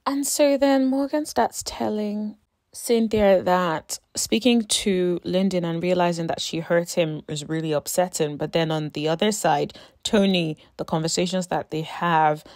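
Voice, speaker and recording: Woman, lowish voice, dry close sound, animated recap commentary, emphatic, exasperated asides. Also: a little slow, dry recording. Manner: animated, emphatic, talks straight to the cast; exasperated asides, calls people honey and sis. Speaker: TV show recap reviewer. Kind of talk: casual reality-TV review commentary.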